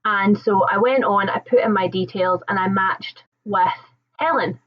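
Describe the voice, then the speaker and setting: Young female stream host, casual and rambling, quick to laugh; slightly muffled audio. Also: medium pitch. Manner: chatty, rambling, laughs often. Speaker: livestream host. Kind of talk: casual live chat with viewers.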